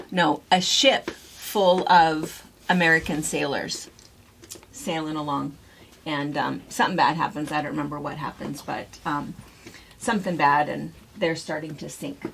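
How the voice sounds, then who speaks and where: A woman's voice: deep voice, gravelly. Woman, shop host, casual chat, chatty storyteller, noticeable background noise. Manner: chatty, storytelling, laughs often. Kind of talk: casual box-opening chat. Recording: noisy room recording.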